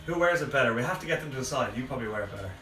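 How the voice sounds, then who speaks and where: A man, out of breath, leading a live workout with energetic cues and chatty asides. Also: mid-range voice, very fast. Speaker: fitness coach. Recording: echoey room, mic at a distance, faint music.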